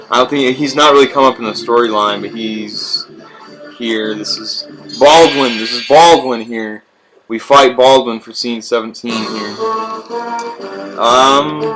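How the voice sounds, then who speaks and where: A man narrating a video game walkthrough in a casual, rambling, profane way. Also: medium pitch. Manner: profane, rambling, laid-back. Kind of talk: casual gameplay commentary. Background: game music.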